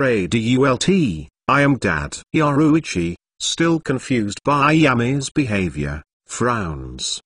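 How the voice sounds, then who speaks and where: A synthetic male voice narrates a fan story at a middle pitch. The reading is flat and mechanical and sometimes speaks punctuation marks aloud. The sound is dry and close, with no room echo. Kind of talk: text-to-speech story reading.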